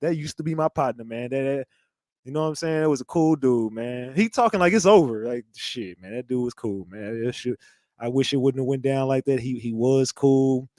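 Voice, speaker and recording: A man's voice: medium pitch, moderate pace, a little mellow, no echo, clean studio sound. A man hosting a live commentary show, talking in a rambling, profane way and repeating himself. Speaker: host.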